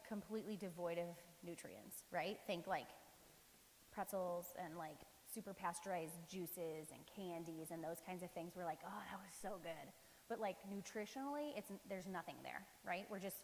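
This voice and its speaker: A woman's voice: medium pitch, big-room sound, slight background noise, low-quality recording. A woman giving a casual, conversational sermon in a church, often restarting with fillers. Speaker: preacher.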